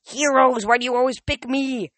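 A shrill, complaining ancient sea spirit, as a reader puts him on, his voice jumping well above the narration and coming out loud and strained. He whines and grumbles like a cornered old man in a storybook. The recording is dry and close. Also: fairly even intonation, moderate pace, dry recording. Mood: wailing. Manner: complaining, self-pitying. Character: grumpy ancient male sea spirit, wily and whiny. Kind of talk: audiobook reading.

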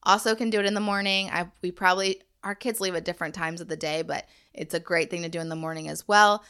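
A woman's voice: on the low side, steady tone, quick pace, bright, forceful tone, smooth. A woman in her thirties hosting a solo podcast from home. She coaches parents in an earnest, encouraging, faith-based way. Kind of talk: casual solo podcast talk.

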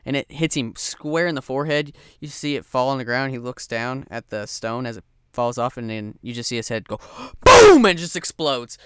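A man's voice: mid-range voice, fairly quick, hardly any pauses, fairly bright tone, clean tone. A man narrating as game master of a tabletop game, laid-back and hesitant with many ums.

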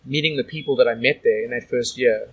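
A man's voice: mid-range voice, brisk, fairly bright tone, breathy edge, rough recording. A man from Australia telling stories as a guest in a casual interview, rambling with lots of "like" and "you know".

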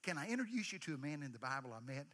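A man preaching a sermon, emphatic, swinging from hushed asides to shouted lines and calling for responses. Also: on the high side, sing-song, very fast, big-room sound. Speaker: pastor.

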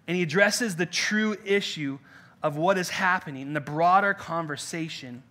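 At an in-person church service, a young man preaches at normal speed in a slightly high, sharp voice. His sermon feels chatty and playful, full of fillers and casual jokes.

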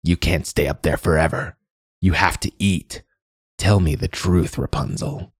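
A cruel, scheming witch taunts and threatens her captive in a story reading, voiced by a man. Her voice stays very deep and sits dry and close to the mic. She coaxes sweetly one moment and threatens the next. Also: measured pace, husky, dry recording, full character voice. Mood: menacing. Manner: coaxing and threatening.

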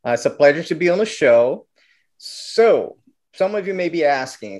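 A middle-aged man tells his story as a guest, animated and lively in pitch. He stumbles and restarts often as he goes. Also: normal speed. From Brazil. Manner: animated, acts out quotes, many restarts. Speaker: guest filmmaker. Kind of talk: storytelling interview talk.

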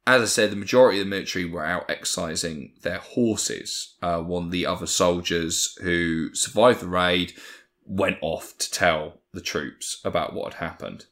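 A man's voice: sits low, normal speed, a bit bright. A man co-hosting a podcast, mixing loose, swearing banter with storytelling about history. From Ireland. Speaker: podcast co-host. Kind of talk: casual chat and history storytelling.

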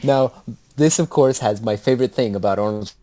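A man co-hosting a casual podcast, retelling movie plots in a rambling, profane, animated way. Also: medium pitch, brisk. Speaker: podcast co-host.

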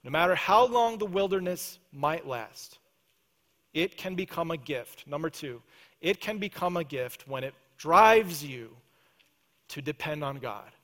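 A male pastor preaching a sermon, earnest, often dropping to a soft, intense prayer voice. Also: fairly high pitch, expressive, unhurried. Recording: church hall reverb.

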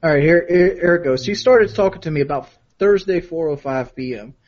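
A man's voice: a little high, a little fast, highs cut off. Rambling man telling a story. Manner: storytelling, repeats himself, reads out texts. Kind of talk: casual chat.

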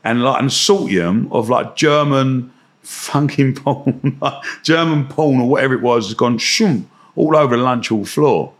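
Young man, animated storyteller who does the voices, mid-range pitch. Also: measured pace. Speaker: guest. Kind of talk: anecdotal storytelling.

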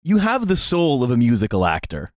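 A man's voice: mid-range voice, huge pitch swings, a little fast, no room sound, studio quality. A man co-hosting a comedy podcast, talking in an earnest, explaining way. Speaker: podcast host. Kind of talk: casual comedic chat.

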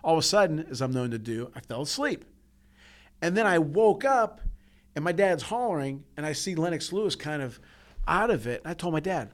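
A man's voice: fairly high pitch, animated, fairly quick. An earnest man co-hosting a podcast, telling personal stories from the heart. His talk is casual and full of restarts and repeats. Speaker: podcast co-host.

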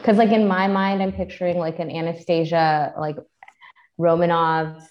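A woman's voice: fairly low pitch, flat delivery, normal speed, lo-fi sound. Woman, podcast co-host, playful, chatty, curious questions. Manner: playful, reactive, asks lots of questions. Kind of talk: casual chat.

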